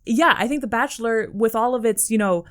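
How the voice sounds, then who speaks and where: A woman's voice: on the high side, brisk, a bit bright. A woman co-hosting a podcast in casual chat, rambling with lots of fillers. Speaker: podcast co-host.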